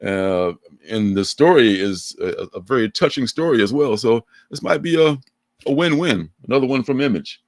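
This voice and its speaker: An older man co-hosting a livestream, chatting in a rambling, animated way and laughing often. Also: mid-range voice, normal speed, no echo, studio quality. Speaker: livestream co-host. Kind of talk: casual chat.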